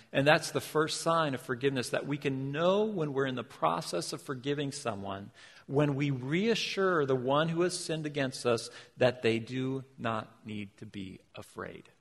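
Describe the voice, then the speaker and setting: A man preaching a sermon as pastor, animated, asking his listeners rhetorical questions. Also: fairly high pitch. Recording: long hall reverb.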